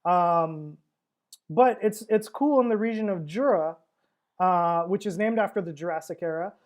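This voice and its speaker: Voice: mid-range voice, normal speed. Rambly wine tasting host on a livestream, laughs a lot, chatty. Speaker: wine seller hosting a tasting stream.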